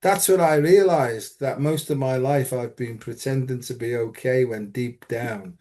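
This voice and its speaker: A man's voice: medium pitch, measured pace, a little mellow. A man hosting a frank conversation, blunt and earthy, swearing freely and telling stories with quoted dialogue. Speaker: host.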